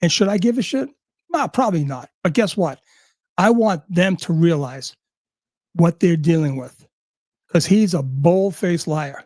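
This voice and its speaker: A man's voice: fairly high pitch, lively intonation, unhurried, darkish tone, dry recording, clean studio sound. A man ranting angrily and sarcastically, swearing at almost every turn. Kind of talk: profane rant.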